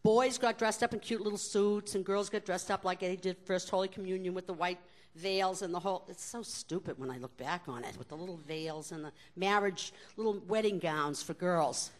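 An older woman telling personal stories to a live audience in an animated, conversational way with wry asides. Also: fairly low pitch, moderate pace. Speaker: storyteller.

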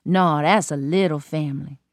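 A woman's voice: sits low, moderate pace, dry recording, voice pushed down, natural voice. A sly male rabbit who teases and mocks, as a woman telling the story puts him on. His voice is close and dry. He drawls his jabs. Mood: teasing. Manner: mocking, teasing. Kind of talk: folktale storytelling.

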